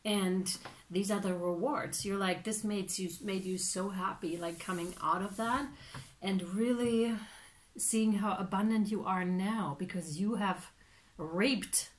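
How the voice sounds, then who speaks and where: A woman's voice: mid-range voice, unhurried. Chatty woman giving a tarot reading. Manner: chatty, animated, lots of fillers and acted-out reactions. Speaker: tarot reader.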